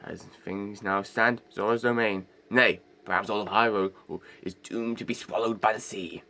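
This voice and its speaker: A man's voice: lowish voice, fairly even intonation, moderate pace, bright, forceful tone, voice pushed down. A man voicing an upbeat, loyal young male fish prince with an earnest, eager manner.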